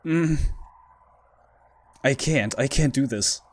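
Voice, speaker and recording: A man's voice: medium pitch, slow. A frightened man commentating a horror game playthrough, pleading with the game and talking to himself. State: scared, shaky. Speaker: gaming YouTuber.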